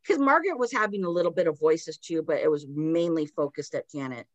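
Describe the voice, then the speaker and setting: Speaking a little fast in a low voice, a podcast host with a sore throat animatedly retells a spooky story, dropping "like" constantly. There's no echo.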